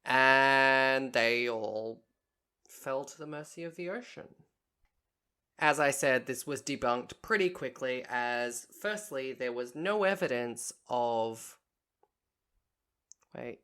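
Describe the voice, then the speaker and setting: A woman's voice: rumbling low, takes it slowly, long pauses, sharp tone, clean tone. A woman co-hosting a podcast, telling a history story point by point in a casual way and correcting herself as she goes. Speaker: podcast co-host.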